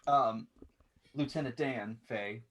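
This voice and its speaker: Guy running a tabletop game, mid-pitched voice, loose rambling narration. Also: slow, fairly bright tone. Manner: casual, rambling with fillers. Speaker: game master.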